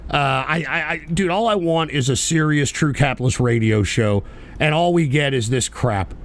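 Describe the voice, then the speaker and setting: A man with a slightly high voice at normal speed hosts a livestream show, delivering an angry rant. He's profane and exasperated, stammering and restarting his sentences.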